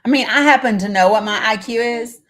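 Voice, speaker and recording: A woman's voice: a little high, a little fast, fairly bright tone. A middle-aged woman hosting a live stream in casual chat, talking straight to her viewers by name, blunt and swearing freely.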